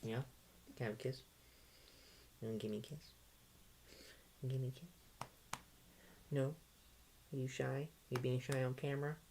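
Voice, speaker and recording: A man hosts a casual livestream from home, playful and quick to tease himself. His voice sits at an ordinary middle pitch, often dropping soft when he coos to his dog. A faint hiss runs underneath. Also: gravelly. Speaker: livestream host.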